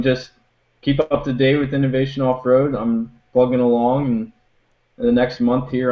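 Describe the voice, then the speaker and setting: Flat-voiced young man in a roomy space. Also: mid-range voice, lo-fi sound. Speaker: co-host. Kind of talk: casual podcast chat.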